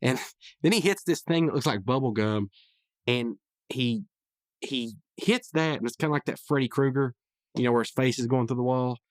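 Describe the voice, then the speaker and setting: A man's voice: medium pitch, normal speed, no room sound. A male podcast host rambling casually through a recap of a cartoon episode, with lots of restarts. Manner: rambling, with many restarts and fillers.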